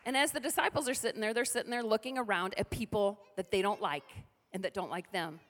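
A middle-aged woman pastor preaching a lively sermon with call-and-response to the congregation. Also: mid-range voice, fast, a faint crowd. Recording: reverberant hall.

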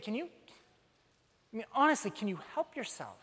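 A young man preaching a sermon as a pastor, telling stories with animated, self-mocking humor. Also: extremely high pitch, a little fast, pauses often. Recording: long reverb of a large hall.

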